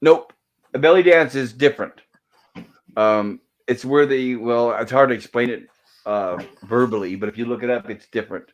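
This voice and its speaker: A man's voice: medium pitch, normal speed, dull audio. A man hosting a casual show recap, narrating scenes and reading dialogue aloud. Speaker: host.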